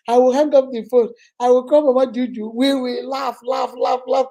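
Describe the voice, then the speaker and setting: A Nigerian woman with a high, mellow voice hosts a relaxed advice chat. She talks with lively energy, breaks into laughter often and acts out phone conversations. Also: normal speed, hardly any pauses. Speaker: host of an advice session. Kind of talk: casual live advice chat.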